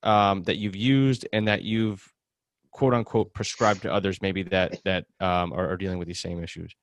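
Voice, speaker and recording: Low-voiced halting podcast host man. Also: steady tone, no room sound, studio quality. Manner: halting, restarts phrases while asking. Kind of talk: conversational interview questions.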